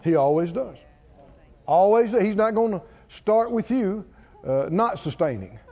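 A man preaching a sermon, calling on the congregation to answer back and building up to shouts. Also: high voice, lively intonation, a little slow. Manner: call-and-response, coaxing the congregation, rising to shouts. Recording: dull sound with long hall reverb.

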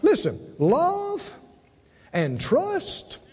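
Casting: emphatic man preaching, very high voice, echoing hall. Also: wildly swooping pitch, drawn-out words, darkish tone. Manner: emphatic, call-and-response, dramatic swings in pitch and volume. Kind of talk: sermon. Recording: dull recording with long hall reverb.

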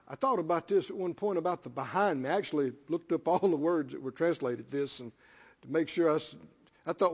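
A man's voice: fairly high pitch, brisk, husky. A man preaching a sermon as pastor in a church, emphatic, repeating phrases for stress and putting questions to the congregation. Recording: dull lo-fi sound with long hall reverb.

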